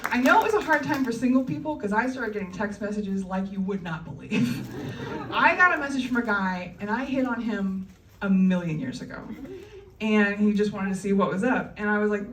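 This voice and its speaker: A woman's voice: mid-range voice, a little fast, far from the mic, background noise. A woman doing a stand-up comedy set on a club stage, chatty and wry, often laughing between lines. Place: comedy club stage before a live audience. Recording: roomy live club recording, crowd and ambience behind.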